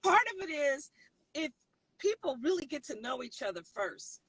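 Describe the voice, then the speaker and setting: A woman's voice: high voice, very animated, normal speed, fairly bright tone, no echo, rough recording. A middle-aged woman, a mother, giving her opinion in a casual discussion in an explaining way. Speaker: guest, a mother.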